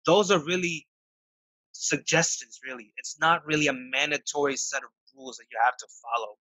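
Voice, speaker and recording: A man answers interview questions, his voice bright and a little high. He talks haltingly, filling pauses and restarting sentences. The recording is dry and close. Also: fairly even intonation, no echo, poor audio. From United States. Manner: halting, many restarts and fillers. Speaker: interview guest.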